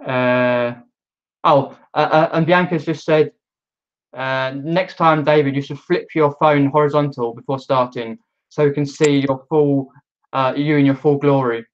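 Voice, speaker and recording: A man's voice: mid-range voice, steady tone, measured pace. Hesitant man on a lo-fi live stream. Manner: hesitant, many ums and restarts, reads viewer comments aloud. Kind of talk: casual live stream chat. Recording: dull lo-fi stream audio.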